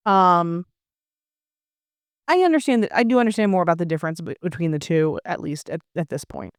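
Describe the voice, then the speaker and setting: A woman in casual chat with her husband, playful and exasperated, recorded close in a quiet room. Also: fairly low pitch, a little fast, no echo. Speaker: co-host, player's wife.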